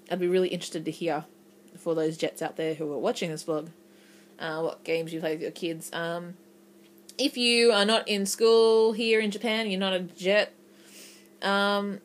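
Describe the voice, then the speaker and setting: A woman's voice: lowish voice, steady tone, a little slow. A young woman with an Australian accent in her twenties, chatting casually in a rambling vlog with lots of ums and a stuffy, runny nose. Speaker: English teacher vlogger.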